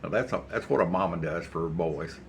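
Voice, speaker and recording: An older man with a low-pitched voice talks briskly as he cooks in his home kitchen, spinning rambling, folksy stories. He hosts a cooking channel, and this is casual vlog chat with slight background noise.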